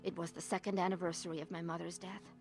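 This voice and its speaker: A woman's voice: fairly low pitch, little pitch movement, fast talker, faint music behind, natural voice. A woman playing an earnest, troubled wife. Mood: reflective. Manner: earnest, confessional. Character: troubled middle-aged wife looking back. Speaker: narrator and lead. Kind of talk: radio drama testimony narration.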